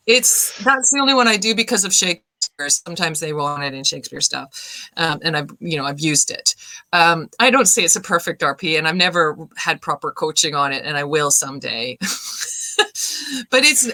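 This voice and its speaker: A woman, chatting as a guest in a relaxed interview, lively and laughing often. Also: sits low, normal speed, no room sound. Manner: lively, laughing, animated storyteller. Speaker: guest, singer and voice actor. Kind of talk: casual video-call chat.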